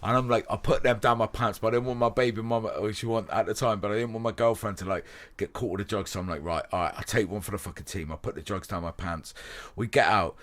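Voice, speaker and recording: A man's voice: fairly low pitch, fairly even intonation, fast, few pauses, a bit bright. A man hosting a podcast, telling a story in casual chat, swearing a lot and rambling with fillers. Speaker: podcast host.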